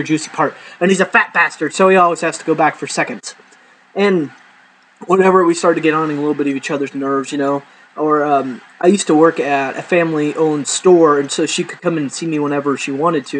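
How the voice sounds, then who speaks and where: A man's voice: on the high side, fairly bright tone, a little hiss or hum, low-quality recording. A man casually telling a rambling comic story about his ex-girlfriend, full of fillers and restarts. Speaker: stand-up storyteller.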